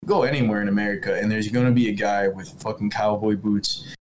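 A man's voice: lowish voice, steady tone, fast talker, slight background noise, rough recording. A young man in casual podcast chat over a video call, blunt and bragging, swearing freely.

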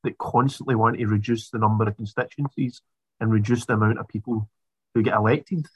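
A man's voice: lowish voice, steady tone, fairly quick, husky, no echo, rough recording. A man hosting a political chat, opinionated and wryly sarcastic. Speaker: podcast host. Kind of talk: casual political discussion.

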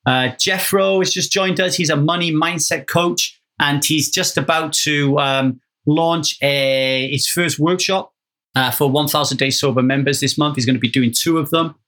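A man hosting a sober-living podcast, talking in an energetic, casual monologue that is full of swearing and quick "right?" asides. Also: fairly high pitch. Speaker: podcast host.

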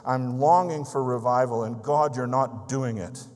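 A man voicing an old blacksmith who cries out to God in loud, pleading prayer. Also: mid-range voice, a little slow, big-room sound, close to an everyday voice. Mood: impassioned pleading. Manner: pleading, impassioned, raised voice. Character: fervent old male blacksmith crying out in prayer.

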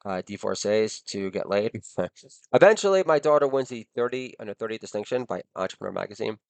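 A man's voice: on the low side, animated, fairly quick, gravelly, darkish tone, dry recording. A middle-aged man, a podcast host, delivering a crude comic monologue and laughing at his own jokes.

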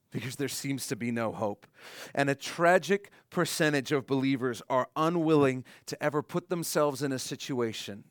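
A man preaching a sermon in an earnest way, slowing down and softening on his key points. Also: medium pitch, no room sound, studio quality. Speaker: pastor.

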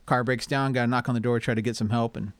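A man in community theater talks through his story in a relaxed, thoughtful way. His voice sits at a middle pitch, and the recording is dry and close. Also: fast, smooth, dry recording. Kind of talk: casual interview.

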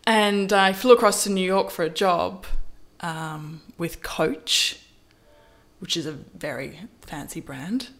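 A woman in casual storytelling, lively, acting out quoted lines with big pitch jumps. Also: slow pace. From Australia. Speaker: model, interview guest.

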